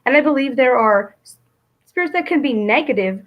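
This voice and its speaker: A woman with a slightly high voice hosting a talk show. She asks pointed, probing questions and drops in frequent short agreeing sounds while her guest speaks. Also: lively intonation, a little fast, dull audio. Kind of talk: casual interview talk.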